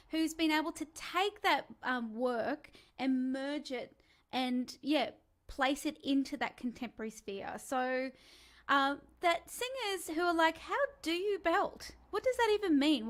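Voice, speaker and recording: This singing coach is a woman whose voice is high-pitched and a bit bright. Teaching a lesson over a live stream, she chats warmly, encourages her viewers, and demonstrates sighs, whimpers, and calls.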